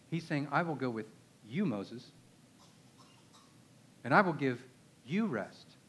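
A man's voice: mid-range voice, very animated, measured pace, long pauses, a bit bright, slightly rough. A man with a Texan accent preaching a conversational sermon, emphatic and often asking his listeners rhetorical questions. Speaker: pastor.

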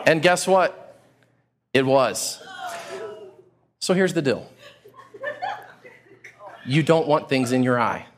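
A pastor preaching a sermon to a congregation, telling stories with acted-out exclamations. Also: male voice, mid-range voice, slow, long pauses. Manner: animated storytelling with acted-out exclamations.

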